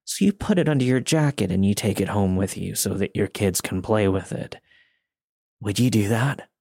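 A man voicing a creepy grown man who talks slowly, with slurred speech and a childlike way of phrasing things, eerily calm. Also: fairly low pitch, vocal fry, slightly rough, no echo, studio quality. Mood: eerie.

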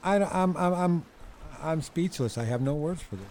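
A man's voice: fairly high pitch, expressive, moderate pace, a little mellow, slight background noise, close to an everyday voice. A man playing a gnome in a tabletop game, jokey and playful. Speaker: player.

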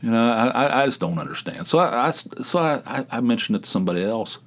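A man's voice: medium pitch, expressive, fast, fairly bright tone. A man hosting a solo comedic podcast, telling rambling anecdotes in an incredulous way. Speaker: podcast host.

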